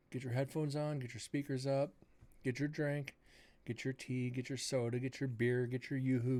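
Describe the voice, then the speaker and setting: Speaking at normal speed in a medium-pitched voice, a man in his 40s runs a paranormal live stream. His talk is casual and meandering, peppered with jokes at his own expense aimed straight at his viewers, with constant background noise.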